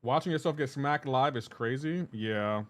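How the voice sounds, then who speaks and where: A man's voice: mid-range voice, normal speed, fairly bright tone. A man live streaming a game, talking loosely with his chat and greeting viewers by name. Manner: talks to chat viewers while playing, loose and chatty. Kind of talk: casual live-stream chat reading comments.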